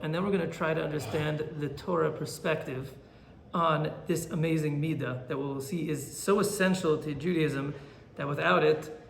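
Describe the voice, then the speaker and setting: A man, a rabbi, teaching a Torah class as an animated storyteller who acts out the characters in his stories. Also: on the high side, creaky, echoey room, a little hiss or hum.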